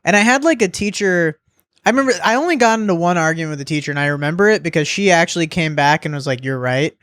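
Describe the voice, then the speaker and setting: Thirties guy on a podcast, kinda high voice, dry close mic, swears a lot telling stories. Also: lively intonation, fast, a bit bright, clean tone, no echo. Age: 30s. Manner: laid-back storytelling, swearing, acting out quotes. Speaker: podcast guest. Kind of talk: casual chat.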